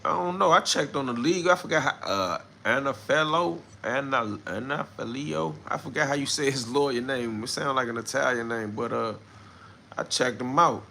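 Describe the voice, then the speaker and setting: Man, livestream host, gravelly, bright, casual slangy chat. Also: medium pitch, fairly quick, slight background noise. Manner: loose slangy commentary, greets viewers. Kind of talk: casual live-stream talk reading chat.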